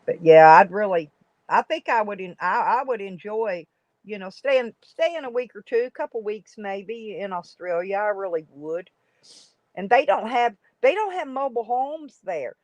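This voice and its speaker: A chatty American woman hosts a livestream, rambling through a casual chat, reading comments and greeting viewers by name. Her mid-range voice is animated and darkish, with a measured pace. The lo-fi audio is dry and dull, with no room sound.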